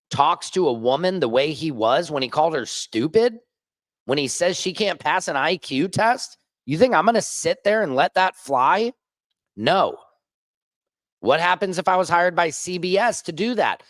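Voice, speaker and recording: A man who hosts his own news vlog, ranting casually and fast from a rooftop with lots of restarts and asides. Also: on the high side, a bit bright, no room sound. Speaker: independent journalist and vlog host. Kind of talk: casual on-camera rant.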